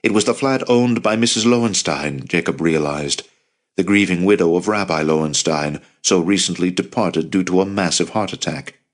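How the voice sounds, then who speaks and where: A man narrating an audiobook in a steady, measured reading voice. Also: low voice. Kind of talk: scripted narration.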